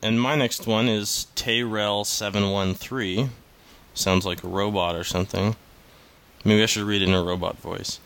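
A man's voice: lowish voice, steady tone, moderate pace, fairly bright tone. A man co-hosting a podcast, chatting casually and teasing his partner in a dry way. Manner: dry, teasing, laughs often. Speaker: podcast co-host. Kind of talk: casual chat.

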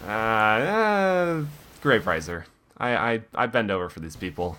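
A man's voice: unhurried, noisy background. A man co-hosting a podcast, reading listener comments aloud in a mock-dramatic voice and joking casually. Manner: animated, reads in a mock-dramatic low voice. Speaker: podcast co-host.

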